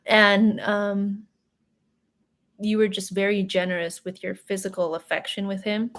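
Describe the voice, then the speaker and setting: A woman's voice: mid-range voice, little pitch movement, unhurried, a bit bright. A young adult woman giving a live psychic reading in a chatty, emotional way, full of fillers and little laughs. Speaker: tarot and psychic reader. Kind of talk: live reading, casual chat.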